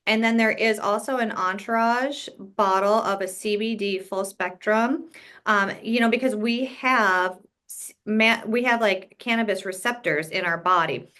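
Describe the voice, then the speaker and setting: A woman's voice: medium pitch, a bit bright. A young adult woman speaking as a podcast guest in casual interview chat, earnest and full of "like" and "um" fillers.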